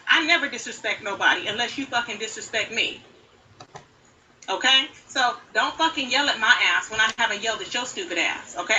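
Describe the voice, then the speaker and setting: Angry woman streamer scolding hard, cursing every line; bright, distant recording with faint noise. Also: a little high, highs cut off. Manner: heavy cursing, confrontational, scolding. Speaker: livestreamer. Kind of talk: angry livestream rant. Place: played back from another live stream. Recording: bright clip with background noise, far from mic.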